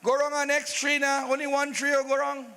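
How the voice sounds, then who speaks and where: A man's voice: very high voice, monotone, brisk, sharp tone, big-room sound. A man narrating a live staged epic with humorous asides to the devotees. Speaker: Ramleela narrator.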